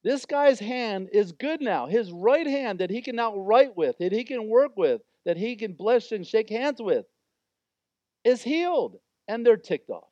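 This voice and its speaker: A man's voice: high-pitched, expressive, a little slow, a little mellow, dry recording, dull audio. Informal, emphatic male pastor preaching. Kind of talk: sermon.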